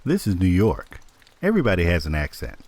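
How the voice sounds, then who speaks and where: A man's voice: low voice, wildly swooping pitch, a little fast, a little mellow, heavily acted. A man voicing a tough, brash young woman who fights, with a cocky, taunting manner. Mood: teasing.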